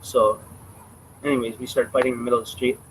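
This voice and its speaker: Guy streaming live, mid-pitched voice, blunt and foul-mouthed storytelling, faint ambient hiss behind. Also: flat delivery, quick pace, low-quality recording. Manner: profane, blunt, street slang. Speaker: livestreamer.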